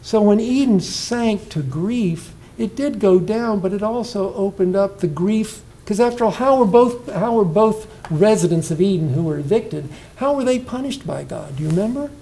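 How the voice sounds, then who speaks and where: A man's voice: high voice, lively intonation, normal speed, hardly any pauses, mellow, low-quality recording. A man in his sixties, a retiring professor giving an informal poetry lecture at an indoor reception, often asking his listeners questions and restarting his sentences.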